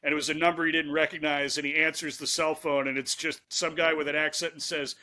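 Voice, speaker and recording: A male podcast host with a bright, forceful tone and a fairly high voice. He talks casually and frames his questions with long anecdotes. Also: level tone, quick pace. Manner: conversational, asks long setup questions. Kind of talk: casual interview.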